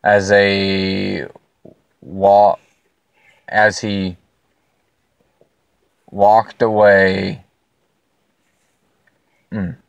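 A man's voice: sits low, little pitch movement, vocal fry, clean tone, dry recording. A tired young man reading his own story aloud, stumbling and restarting as he loses his place. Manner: halting, with restarts and lost places. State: tired from lack of sleep.

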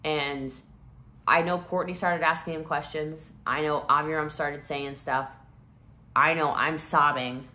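A woman in her thirties telling a personal story to the camera in an animated, expressive way, swinging from hushed to loud. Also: sits low, unhurried. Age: 30s. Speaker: vlogger.

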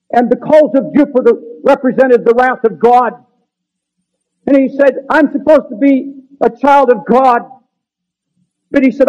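A man's voice: very high voice, a little mellow. A man preaching a sermon in an earnest, pleading manner that builds to raised, urgent emphasis. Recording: dull lo-fi sermon recording.

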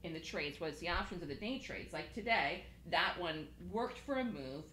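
Bright-voiced woman coaching traders. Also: lowish voice, lively intonation, echoey room, slight background noise, poor audio. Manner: fast, emphatic, laughs easily, repeats points. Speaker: trading room host. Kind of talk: live trading room coaching.

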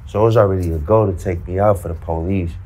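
A man with a fairly low voice tells his story in loose, slang-heavy talk. He acts out the back-and-forth himself, with lively energy. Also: fast. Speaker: storyteller recounting prison life. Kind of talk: casual storytelling in a played interview clip.

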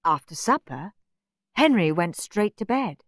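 A woman reading a children's storybook aloud, expressive and playful. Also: mid-range voice, unhurried, no room sound, clean studio sound. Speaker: audiobook reader. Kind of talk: storybook narration. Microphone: close studio mic.

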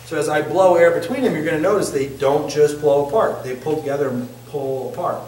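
A man's voice: on the high side, a little fast, a little mellow. A man leading a singing workshop in a casual, joking way, often asking the group questions. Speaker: singing instructor. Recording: echoey room, distant mic.

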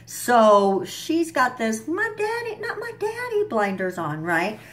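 A young woman vlogging a casual, profane recap of a TV episode, with fillers and asides. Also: medium pitch. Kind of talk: casual chat.

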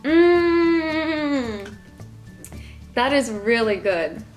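Young female vlogger from Texas, casual and chatty, slightly high voice, light laughs. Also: normal speed, fairly bright tone, soft background music. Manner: chatty, friendly, laughs often. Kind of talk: casual product review vlog.

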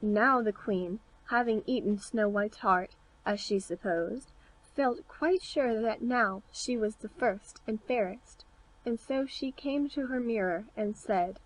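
A woman narrating a classic fairy tale as an audiobook. Her reading is clear and steady, made for easy listening. Her voice sits a little high. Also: slow, poor audio. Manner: clear, steady read-aloud delivery. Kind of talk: scripted storybook narration.

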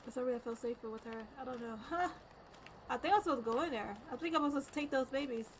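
A woman's voice: sits high, fast talker, poor audio. A woman streaming a horror game, chatting casually, exclaiming and repeating herself when nervous. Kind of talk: casual let's-play commentary. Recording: noticeable background noise.

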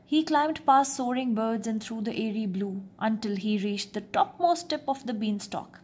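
A woman storyteller reading a fairy tale for children. Her voice is fairly high and breathy, and her expressive reading often sinks into a soft half-whisper. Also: moderate pace. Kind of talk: storybook narration.

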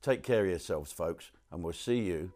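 A man hosting and closing a live comedy show, gruff and matter-of-fact. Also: low-pitched, animated, moderate pace, a little mellow. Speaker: host.

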